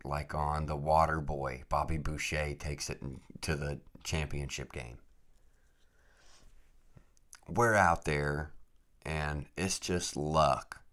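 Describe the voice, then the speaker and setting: A man with an extremely deep voice hosts a podcast. He tells a travel story in a loose, rambling chat, dropping "dude" and "freaking" all the time. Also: a bit bright. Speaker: podcast host.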